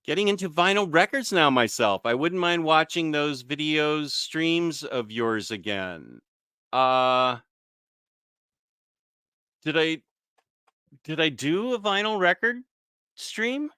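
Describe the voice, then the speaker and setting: Bright, clear-voiced man hosting a stream. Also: a little high, animated, slow pace, pauses often, no echo, clean studio sound. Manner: easygoing, chatty, with frequent fillers and mild self-corrections. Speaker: live stream host. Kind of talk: casual live-stream chat, reading viewer comments.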